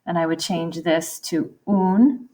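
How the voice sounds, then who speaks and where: A woman teacher giving a recorded lesson to young children, explaining slowly and patiently. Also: on the low side, steady tone, dark tone. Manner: patient, slow and explanatory, addressing kids directly.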